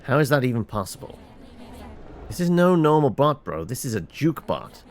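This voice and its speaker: A man reads through a game's dialogue himself, voicing each character with lots of ups and downs in his pitch. He stumbles now and then with fillers and restarts. A faint hiss sits under the voice. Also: sing-song, normal speed. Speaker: game reviewer reading dialogue. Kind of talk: reading game dialogue aloud.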